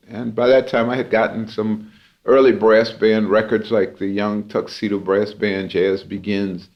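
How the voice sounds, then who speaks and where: Brief: New jazz man, lowish voice, easygoing anecdotes, muffled lo-fi podcast sound. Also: measured pace. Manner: relaxed, reflective anecdotal telling with fillers. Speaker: jazz clarinetist and historian, interview guest. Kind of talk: storytelling in an interview.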